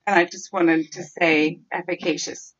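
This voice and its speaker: A woman's voice: fairly low pitch, flat delivery, normal speed. A woman co-hosting a podcast, reading facts from her notes and rambling in a giggly, self-deprecating way. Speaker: podcast co-host. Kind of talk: casual chat, reading notes aloud. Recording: slightly dull lo-fi recording.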